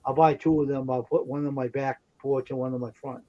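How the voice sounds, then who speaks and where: A man's voice: mid-range voice, level tone, fairly quick, warm tone. Chatty man with a lo-fi sound. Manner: chatty, greets people by name. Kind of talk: casual chat.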